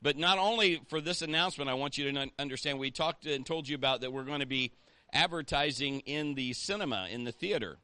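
A man's voice: mid-range voice, a little fast, sharp tone, clear, resonant tone, dry recording. A man, a pastor, preaching a sermon in a conversational way and rallying the congregation with call-outs.

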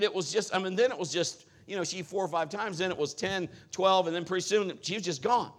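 A male pastor preaching a sermon, telling animated stories and acting out quoted voices. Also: high voice, fairly quick, hardly any pauses, shouting.

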